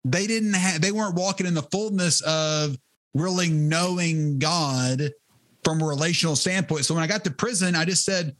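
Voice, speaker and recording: A man in middle age tells his story with fervent conviction, his voice sitting a little higher than most men's. He talks conversationally, stumbling and restarting phrases as he goes. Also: normal speed, fairly bright tone. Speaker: interview guest, ministry leader. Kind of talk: testimony in conversation.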